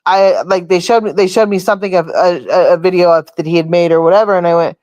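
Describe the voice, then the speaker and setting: A woman's voice: on the low side, steady tone, fast, darkish tone, dry recording. A woman hosting a casual chat, telling a long rambling story and swearing freely. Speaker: host.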